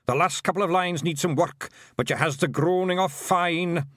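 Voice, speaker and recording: A man's voice: sits high, moderate pace, a bit bright, no room sound, clean studio sound, pitched above the performer's own voice. A man voicing a proud older male pixie bard. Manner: proud, emphatic.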